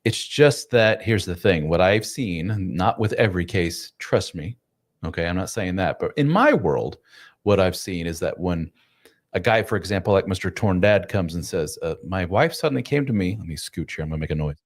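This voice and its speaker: Man, very low voice, casual live stream host, rambling and self-deprecating, talking from home. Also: expressive, moderate pace. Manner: loose, chatty, self-deprecating, addresses viewers directly. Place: home room.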